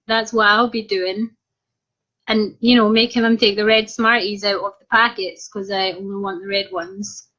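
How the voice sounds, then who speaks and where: A woman's voice: medium pitch, fairly even intonation, moderate pace, fairly bright tone. Giggly Scottish woman telling a story. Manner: giggly, cheeky, frequently breaking into laughter. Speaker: vlogger. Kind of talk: casual storytelling to viewers. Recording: dull lo-fi sound.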